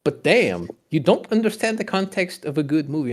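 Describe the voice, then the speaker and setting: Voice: medium pitch, big pitch swings, normal speed. A podcast guest in casual chat, wry and teasing.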